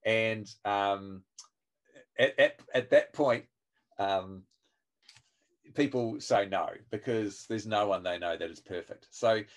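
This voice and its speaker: A man's voice: on the low side, slow, pauses often. A man training a group over a video call, talking in a friendly, chatty way with many fillers and restarts. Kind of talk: online webinar teaching. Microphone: video call microphone.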